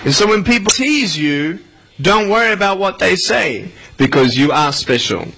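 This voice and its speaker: A man in his thirties with an Australian accent, giving an animated motivational talk to schoolchildren and quizzing them. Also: high voice, normal speed, vocal fry. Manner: animated, playful, questions the audience. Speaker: motivational speaker. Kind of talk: speech to schoolchildren. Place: school hall with a child audience. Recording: noisy live hall recording.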